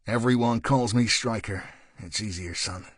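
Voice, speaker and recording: A man voicing a gruff, hulking male sergeant with a deep, angry voice and an accent mixing East Coast American and Belfast. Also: moderate pace, dry recording, clean studio sound. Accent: mix of East Coast American and Belfast.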